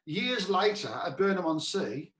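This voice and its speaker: A man hosts a cabaret chat show and, as a cabaret musician, casually rambles through an anecdote over a video call, repeatedly saying "he said" and restarting many times. His voice sits high, bright and animated, with an unhurried pace, and the recording has a roomy echo.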